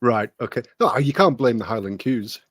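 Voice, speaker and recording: A man's voice: mid-range voice, animated, normal speed, no echo. Chill guy hosting a podcast, teasing banter, dry close sound. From not Australian, moved there as a backpacker. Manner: laid-back, teasing banter. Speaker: podcast host. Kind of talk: casual chat.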